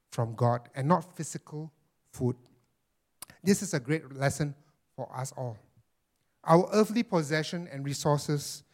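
A man pastor delivering a sermon with a slightly higher-pitched voice. He preaches emphatically, repeating key phrases and addressing the congregation as friends. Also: darkish tone.

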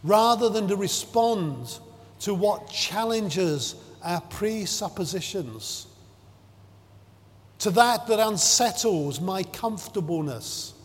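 Man preaching a sermon, high voice, slow and emphatic, big echoey church hall. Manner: measured, emphatic preaching with slow drawn-out phrases. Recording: long hall reverb.

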